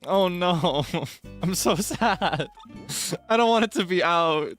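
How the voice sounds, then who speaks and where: A man streaming a life-sim game, chatting playfully and dramatically, swinging between deadpan asides and giggling. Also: high-pitched, takes it slowly. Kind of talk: casual game stream chat. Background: game music.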